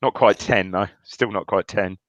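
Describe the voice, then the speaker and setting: A man's voice: lowish voice, moderate pace, fairly bright tone, no echo, muffled recording. A man co-hosting a casual football podcast, rambling with many restarts and fillers. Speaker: podcast co-host. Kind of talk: casual chat.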